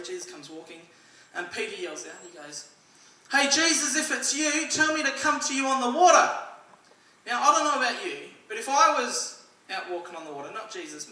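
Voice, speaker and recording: Young Aussie bloke, stand-up at church; high, bright voice, roomy hall with the mic set back. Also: male voice, a little hiss or hum. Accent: Australian. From Australia. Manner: dry storytelling, acts out quoted voices loudly. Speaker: stand-up comedian at a church service. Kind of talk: stand-up comedy. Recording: echoey hall, mic at a distance.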